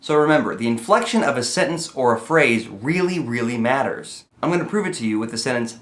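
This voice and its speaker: A man's voice: medium pitch, lively intonation, brisk, hardly any pauses, a bit bright. A young man giving a playful, comedic lesson on writing song lyrics, sometimes singing his examples. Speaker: songwriting teacher.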